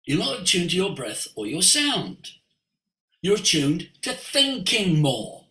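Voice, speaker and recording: An older man, a voice coach, tells stories in an expressive way, moving between hushed asides and sudden exclamations. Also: high-pitched, a little slow. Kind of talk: animated storytelling. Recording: roomy echo.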